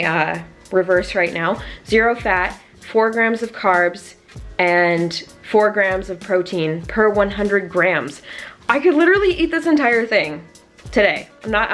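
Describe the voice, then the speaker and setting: Brief: young woman vlogger, mid pitch, bubbly and excitable, faint music underneath. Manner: bubbly and excited, with rising squeals of delight. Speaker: fitness vlogger. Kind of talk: casual vlog chat.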